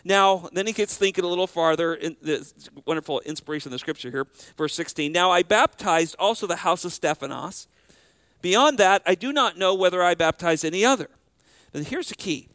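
A man preaching a sermon as pastor, slowing down to stress key phrases and repeating words as he restarts. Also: high voice, a bit bright, no echo.

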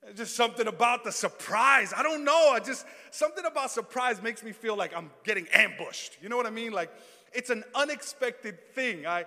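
A man in his thirties preaching a sermon, telling a funny story and then shouting his points. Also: very high voice, expressive, normal speed. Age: 30s. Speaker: pastor. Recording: long reverb in a hall.

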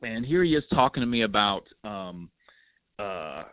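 A man hosting a podcast, telling stories in a lively, animated, casual way. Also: lowish voice, moderate pace, no echo. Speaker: podcast host. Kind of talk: casual storytelling chat. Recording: tinny phone line, dry.

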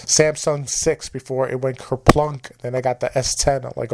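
A man's voice: mid-range voice, little pitch movement, normal speed. A man hosting a podcast in casual chat, rambling with lots of fillers and swearing freely. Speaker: podcast host.

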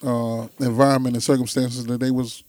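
A man tells a story in casual talk, jumping into the voices of the people in it. His voice sits at an ordinary pitch and the sound is dry and close. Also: fairly quick, no room sound. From Chicago. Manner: animated storyteller, acts out voices. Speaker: guest telling stories.

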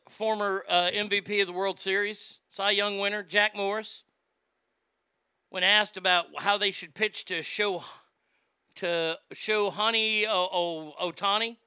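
A man's voice: high-pitched, bright, forceful tone, clear, resonant tone, no room sound. A man ranting in a sarcastic, indignant, profane commentary, recorded on a close mic. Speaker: social media commentator.

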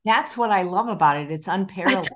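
A woman's voice: fairly low pitch, lively intonation, fast talker. A woman hosting a casual chat over a video call, encouraging her guest. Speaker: host.

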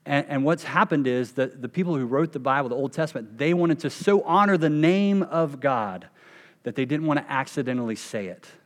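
Man, pastor, sermon, emphatic, slows and hushes on key lines, mid pitch, long church reverb. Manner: emphatic, slows and drops to a hush on key phrases.

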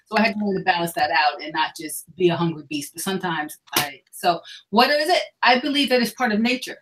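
A woman's voice: lowish voice, expressive, fairly quick, a bit bright, slight background noise, low-quality recording. A middle-aged woman speaking frankly and earnestly as a guest on a candid panel discussion. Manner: frank, sexually explicit, earnest.

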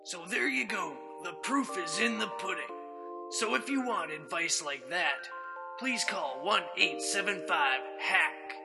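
A man reading a spoof commercial voice-over with a mock-earnest pitchman delivery. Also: animated, slow, creaky, loud music behind the voice. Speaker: announcer in a parody ad. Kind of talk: comedic parody commercial voice-over.

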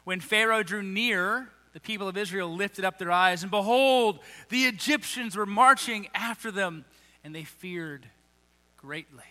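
High, bright preacher in a reverberant hall. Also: male voice, a little slow. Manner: reads scripture then paraphrases it casually and emphatically. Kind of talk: sermon with scripture reading.

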